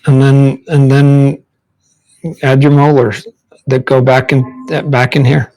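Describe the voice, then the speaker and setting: A man's voice: mid-range voice, level tone, takes it slowly, dark tone, low-quality recording. Man giving a rambling drawing lesson. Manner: rambling, repeats words, talks while drawing; demonstrates mouth sounds and faces. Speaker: comic book artist teaching drawing. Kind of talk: casual live drawing demonstration.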